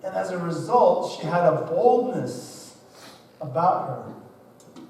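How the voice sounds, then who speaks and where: Preacher far off in an echoey hall. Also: male voice, a little high, very animated, takes it slowly, long pauses, a little mellow. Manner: conversational storytelling with acted-out quotes. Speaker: pastor. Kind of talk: sermon. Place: church hall. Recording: distant mic in a very echoey hall.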